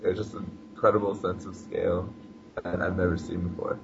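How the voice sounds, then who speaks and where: A man's voice: low-pitched, level tone, brisk, creaky, a crowd in the background. A man guesting on a casual gaming podcast, enthusiastic and describing things at length. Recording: dull lo-fi line with background noise.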